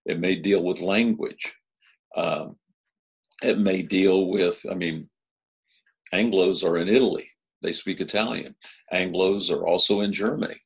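A man with a very low, gravelly voice and a husky edge delivers a recorded sermon. He speaks earnestly and at a measured pace, lifting his voice to press home key words. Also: steady tone. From Kansas. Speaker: pastor.

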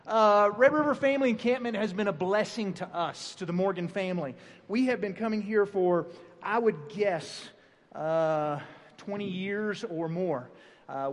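Chatty man, high voice, hall echo. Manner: chatty, rambling with many fillers and restarts. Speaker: family seminar speaker. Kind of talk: folksy church class talk. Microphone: handheld or stand microphone. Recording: long hall reverb.

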